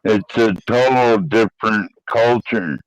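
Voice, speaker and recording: Male panel caller, mid pitch, slow and blunt, dry sound. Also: dry recording, low-quality recording. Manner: slow, blunt, profane opinions. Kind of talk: casual panel chat.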